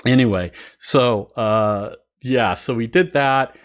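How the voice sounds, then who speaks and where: A man who hosts a music channel, telling a story casually and excitedly, with many fillers and frequent laughter. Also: mid-range voice, takes it slowly.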